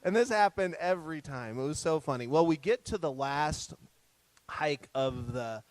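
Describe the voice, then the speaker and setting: A man's voice: on the high side, unhurried, no echo, rough recording. Man telling funny family stories. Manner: lively anecdotal storyteller. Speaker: guest speaker. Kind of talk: humorous family storytelling talk. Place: retreat center talk.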